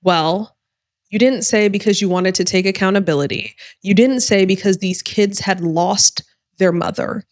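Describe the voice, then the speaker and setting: A woman's voice: medium pitch, moderate pace. Blunt, sarcastic woman commentator. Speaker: lawyer reacting to true crime. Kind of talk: reaction commentary.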